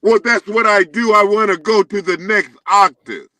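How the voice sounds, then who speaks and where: A man with a lisp co-hosting a morning talk show, yelling and insulting his co-hosts in rambling heated banter. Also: high voice, moderate pace, rough recording.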